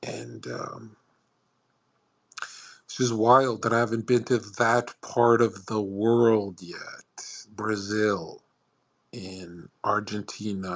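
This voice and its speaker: Brash, profane young man, breathy voice. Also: lowish voice. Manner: profane, brash, rambling with restarts. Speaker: livestream host. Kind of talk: casual livestream rant.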